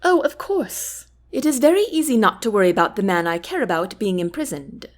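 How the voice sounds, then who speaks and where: A woman voicing a thoughtful, guarded young queen in an audiobook, formal and measured. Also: medium pitch, sing-song, natural voice. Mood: earnest. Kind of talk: audiobook character reading.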